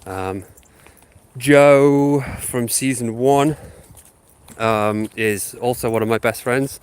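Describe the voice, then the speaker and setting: A channel host with a sniffly sinus infection walks his dog through a housing estate, holding his phone and rambling casually to viewers live with plenty of ums. His mid-range voice is slow, and the tone is clean.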